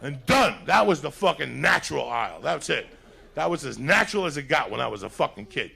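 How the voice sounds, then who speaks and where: A man's voice: on the high side, big pitch swings, a little fast, creaky, sharp tone, breathy edge. A man from Cuba doing a stand-up set, telling rowdy, profane stories. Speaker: stand-up comedian. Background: audience laughter.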